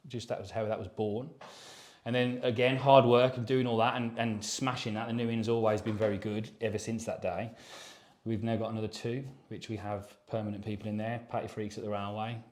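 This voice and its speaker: Recorded in an echoey room, this podcast co-host in his thirties speaks briskly with a fairly low pitch and flat delivery. He chats casually, rambling through his story matter-of-factly and swearing as he goes.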